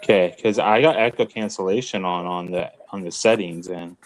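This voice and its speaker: A man's voice: low-pitched, normal speed, poor audio. Man, stream guest, earnest about herbs and faith, earbud mic, casual chat. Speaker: guest on herbal medicine. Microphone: earbuds with built-in mic.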